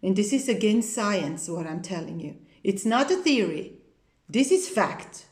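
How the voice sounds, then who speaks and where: Slow, emphatic woman vocal teacher, roomy echo. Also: animated, a little mellow. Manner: emphatic, repeats key points, demonstrates with low creaky sounds. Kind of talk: spoken singing lesson to camera.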